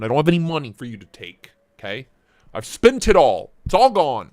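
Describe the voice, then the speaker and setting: A man's voice: fairly high pitch, big pitch swings, brisk, darkish tone. A man hosting a casual live stream, joking around and greeting viewers by name. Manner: playful, jokey, reads chat names aloud. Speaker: livestream host.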